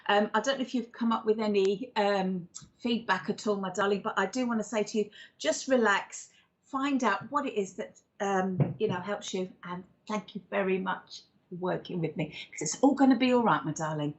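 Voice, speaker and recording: A woman's voice: mid-range voice, moderate pace, highs cut off. Woman, psychic medium, chatty, rambling, affectionate, mid-range voice. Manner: chatty, rambling, affectionate, calls people darling. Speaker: psychic medium and regression therapist. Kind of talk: live-stream card readings and chat.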